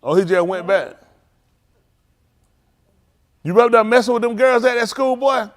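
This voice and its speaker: A man with an extremely high-pitched voice leads a youth group at a congregation, speaking at normal speed. He playfully banters with and teases the young people before opening a Bible lesson.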